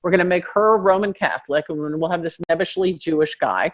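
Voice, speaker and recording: Middle-aged woman, bit of a southern accent, kinda low voice, tells stories and does all the voices, big jumps up and down. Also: a little fast. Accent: slight Southern American. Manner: animated, acts out voices with big pitch jumps. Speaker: comedian and actress guest. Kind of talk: casual storytelling interview.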